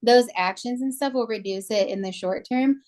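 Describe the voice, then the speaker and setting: A woman's voice: a little high, moderate pace, a little mellow. A woman co-hosting a podcast, talking casually with many fillers. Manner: chatty, many "like" and "you know" fillers. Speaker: podcast co-host.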